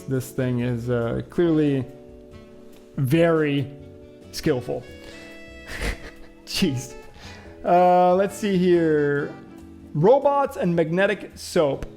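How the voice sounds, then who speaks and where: A man's voice: on the high side, a little mellow. A young man hosting a casual vlog, reading headlines aloud and joking about them in a chatty manner. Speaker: show host.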